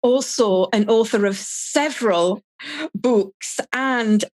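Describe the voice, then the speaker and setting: Woman host, slightly high voice, welcoming, introduces guest. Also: takes it slowly. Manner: warmly welcoming, reads out guest credits with fillers. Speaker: podcast host. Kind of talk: podcast interview.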